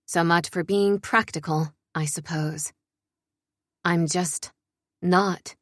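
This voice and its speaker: Young woman reading a story in first person, lowish voice, soft n measured, dry sound. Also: fairly even intonation, no echo. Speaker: narrator.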